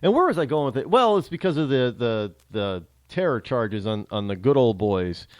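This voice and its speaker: A man's voice: mid-range voice, very animated, moderate pace, no room sound. A man from the northern United States hosting a talk show, chatting alone in a rambling way with many restarts and a northern American accent. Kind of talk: casual solo monologue.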